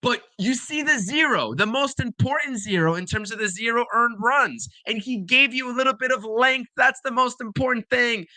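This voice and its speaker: A man co-hosting a sports fan show, calmly running through stats and handing questions to the host. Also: extremely high pitch, normal speed, hardly any pauses, no room sound, low-quality recording. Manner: steady, lists stats, asks the host questions. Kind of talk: sports analysis chat.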